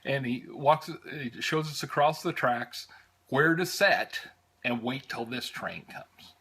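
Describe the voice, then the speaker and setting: An American man recounts his travels in a loose, rambling storytelling style. He pauses often with "uh" and restarts his sentences, his voice sitting in an ordinary middle pitch. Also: slightly rough. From United States. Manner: rambling, many "uh"s and restarts, warm fondness. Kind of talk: casual storytelling.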